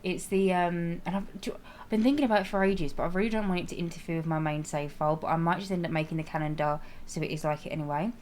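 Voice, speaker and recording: A woman's voice: lowish voice, steady tone, quick pace, few pauses, darkish tone, a little hiss or hum. A young woman streaming a life-sim game, chatting casually with viewers, giggling, restarting sentences and apologizing as she goes.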